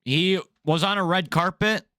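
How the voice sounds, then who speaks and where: A young man with a fairly high voice rants bluntly about fight news, swearing freely and speaking in a casual, opinionated way. He is recorded close and dry, with no room sound around him. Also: unhurried, dry recording. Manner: blunt, profane, animated ranting. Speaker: MMA news host.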